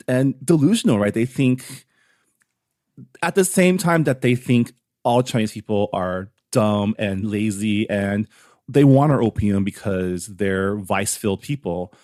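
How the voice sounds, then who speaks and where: A man's voice: fairly low pitch, takes it slowly, darkish tone, no echo, clean studio sound. A man co-hosting a podcast, analyzing a novel in casual chat, often checking in with "right?". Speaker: podcast co-host. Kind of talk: casual book club chat.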